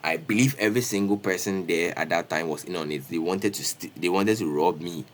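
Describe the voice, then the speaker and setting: Young man, streamer, lively casual storyteller, repeats himself, slangy. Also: deep voice, fairly quick, a little hiss or hum. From Ghana. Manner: animated, repetitive, peppers talk with "bro" and "Charlie".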